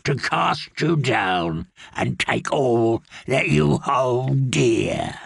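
Maggie the Frog, a croaking old witch as a man voices her. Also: lively intonation, no room sound, clean studio sound, full character voice. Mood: menacing. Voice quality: croaking, terrible deep voice. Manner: slow, menacing, drawn-out. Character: ancient toothless female witch, malicious.

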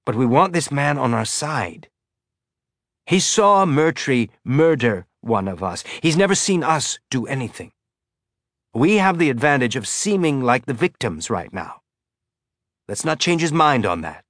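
A male audiobook narrator voicing a big, stocky man who pleads earnestly and urgently for calm. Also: medium pitch, a little slow, no echo, studio quality, voice pushed up.

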